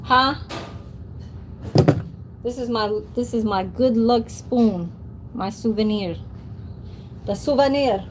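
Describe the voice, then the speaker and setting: A woman's voice: a little high, takes it slowly, long pauses, very noisy. A woman in her forties chatting casually on a livestream, telling childhood stories with lots of cursing and laughter and talking to her chat. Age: 40s. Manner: profane, laughing storyteller who talks to her chat. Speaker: livestream host.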